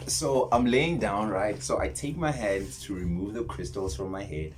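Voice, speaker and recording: A man's voice: fairly low pitch, normal speed. Man rambling through a vivid story. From South Africa. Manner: rambling, animated retelling with whispered asides and many restarts. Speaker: spiritual vlogger. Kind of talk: casual storytelling monologue.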